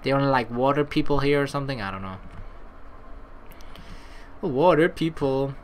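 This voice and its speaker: A woman's voice: rumbling low, very fast, slight background noise. A woman playing through a visual novel, reading it aloud and adding casual, rambling asides. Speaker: let's play narrator.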